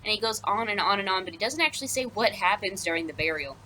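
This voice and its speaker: A young woman speaks fast and expressively, her medium-pitched voice sharp in tone. She's a high school English teacher casually explaining a play in a recorded lesson, chatty with many ums, fillers and asides. The recording is rough, carrying slight hiss or hum.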